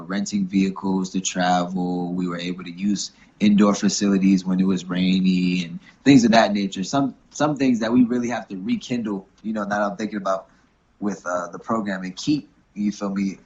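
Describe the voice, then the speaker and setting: A young man, a rugby coach, talking about his club in a relaxed interview, often saying "you know what I'm saying". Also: low-pitched, dull audio. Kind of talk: casual interview talk.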